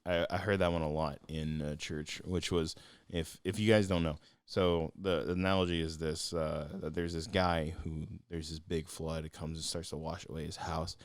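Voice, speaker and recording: A young man co-hosting a podcast, chatting casually in an excitable, storytelling way. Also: a bass voice, normal speed, dry recording, clean studio sound. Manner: excitable, storytelling, jumps into voices. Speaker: podcast co-host. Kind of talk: casual chat.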